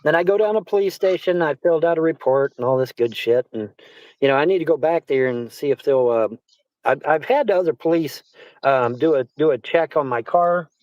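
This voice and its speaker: A man's voice: a little high, fairly quick, a little mellow, no room sound, muffled recording. A man chatting casually as a livestream guest, rambling, repeating himself and swearing often. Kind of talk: casual chat.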